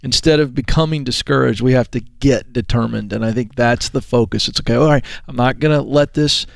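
Male co-host, mid-pitched, earnest and motivational, dry studio sound. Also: brisk, gravelly, no echo. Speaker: radio show co-host. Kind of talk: casual talk show chat.

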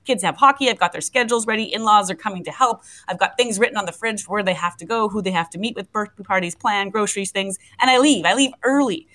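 A woman's voice: medium pitch, quick pace, few pauses, low-quality recording. A middle-aged woman, a radio co-host, telling a story with lots of laughter and acted-out voices. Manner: lively, laughing, acts out voices in her story. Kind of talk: animated storytelling on morning radio.

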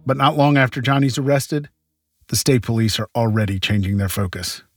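A man narrating a true-crime podcast from a script in a measured way, with the odd wry aside. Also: mid-range voice. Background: faint guitar music.

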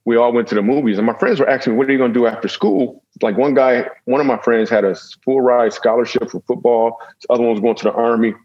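Husky, lowish man, comedian guest, jokey storyteller, dull lo-fi recording. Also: fairly even intonation, quick pace, hardly any pauses, darkish tone. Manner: jokey, with self-deprecating asides. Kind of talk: humorous storytelling in a conversation.

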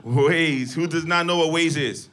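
High-voiced, animated male stand-up comic. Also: a little slow. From Latino, in Los Angeles. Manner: animated, profane, acts out scenes with yelps and shouts. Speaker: stand-up comedian. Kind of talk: stand-up routine. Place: comedy club stage with audience. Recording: noisy live club recording with laughter.

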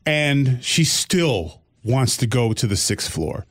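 A middle-aged man co-hosting a talk show, telling a comedic family story in a loose, animated way and laughing as he goes. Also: medium pitch, slow. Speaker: co-host.

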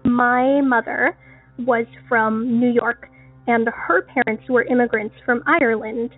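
Woman from Maine, caller, earnest chatty storytelling, husky voice, tinny phone line. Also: fairly high pitch, fairly even intonation, takes it slowly. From Maine, USA. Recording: phone-line audio, faint music.

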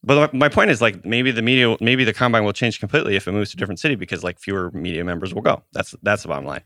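A man's voice: on the low side, very fast, pushed and bright, dry recording, studio quality. A man co-hosting a podcast, rambling in casual chat with lots of fillers. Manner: rambling, filler-heavy, laughs often. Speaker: podcast co-host.

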